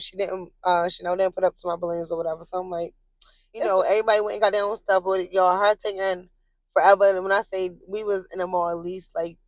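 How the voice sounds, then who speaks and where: A young woman telling a casual, profane storytime to her viewers, animated, rising into shrill yelling as she relives her anger. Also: dry recording. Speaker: vlogger.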